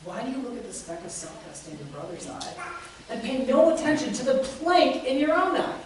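A woman's voice: sits high, expressive, brisk, a crowd in the background. A woman preacher giving a conversational sermon, speaking directly to her listeners. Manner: conversational, addresses listeners as guys. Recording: echoey room, distant mic, faint noise.

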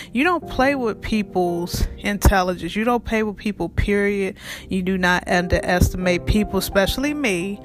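An animated, profane storyteller ranting straight to the viewers in a casual storytime vlog. The voice sits at a middle pitch, and faint music plays underneath. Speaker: vlogger. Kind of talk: casual storytime rant to camera.

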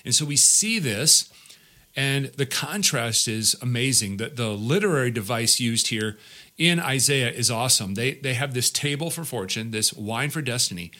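A man's voice: mid-range voice, animated, moderate pace, pushed and bright. A middle-aged pastor teaching a Bible passage verse by verse, often repeating his words as he explains.

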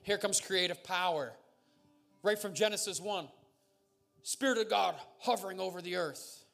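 A man's voice: sits high, moderate pace, creaky, fairly bright tone, faint music behind. A man pastor preaching a sermon, emphatic and building to fervent declarations, with jokes and laughter while he tells stories.

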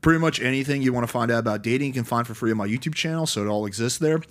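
A man's voice: mid-range voice, racing. A man, a dating coach, giving brief laid-back closing words on a podcast. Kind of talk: casual podcast chat.

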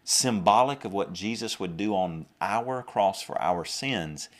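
A man's voice: on the low side, expressive, a little slow. A young man with a Southern US accent preaching a podcast sermon earnestly, often repeating and restarting his phrases.

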